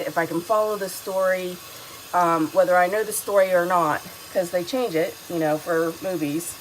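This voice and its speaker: Rambling middle-aged woman, lowish voice. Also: slight background noise. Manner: rambling, digressive, many ums; emotional and enthusiastic. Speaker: vlogger. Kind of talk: casual chatty review during a skincare routine.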